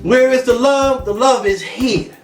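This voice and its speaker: A man co-hosting a podcast in casual chat, animated, scatting rhythms and laughing often. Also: very high-pitched, measured pace. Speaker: podcast co-host. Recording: roomy, far from mic, faint music.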